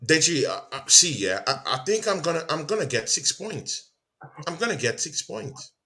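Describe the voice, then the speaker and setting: Fired-up man arguing football, bright tone. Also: a little high, big pitch swings, normal speed, a little hiss or hum. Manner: argumentative, keeps repeating "see, Deji". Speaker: show host. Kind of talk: heated casual football debate.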